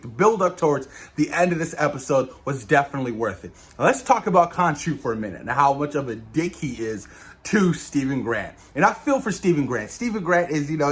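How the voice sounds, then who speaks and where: A man with a fairly high voice talks through a TV episode in a loose, excited spoiler review. He gushes, swears casually and keeps addressing his viewers, and his voice sinks low and quiet as his phrases trail off. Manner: enthusiastic, keeps saying "you guys", swears casually. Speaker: show reviewer.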